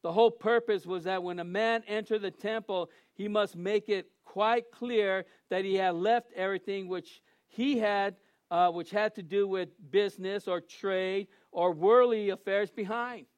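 A man preaching a sermon as a pastor, animated, acting out the people he quotes in shifting voices. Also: high-pitched, measured pace, smooth, dry recording. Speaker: assistant pastor.

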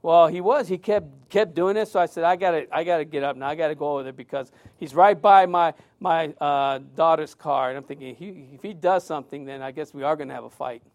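A man preaching a sermon, telling a personal story in a conversational, animated way. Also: on the high side, brisk, few pauses.

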